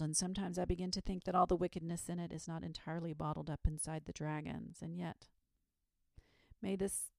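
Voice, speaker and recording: A woman's voice: fairly low pitch, creaky, darkish tone, no echo. A woman voicing a solemn, old-fashioned knight with a frank, courtly way of talking, in a storybook reading. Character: grave, courtly adult male knight.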